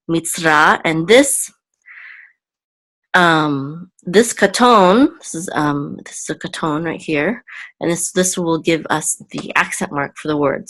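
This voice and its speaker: On a rough recording, a woman hosts a Hebrew reading lesson. She speaks in a low, slightly bright voice, working slowly and patiently through each word syllable by syllable as a teacher would.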